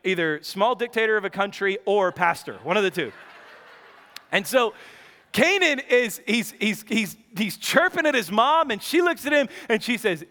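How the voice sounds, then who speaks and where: A man in his thirties, a pastor preaching a sermon with storytelling, animated, laughing often, his voice jumping high when excited. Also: moderate pace. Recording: long hall reverb.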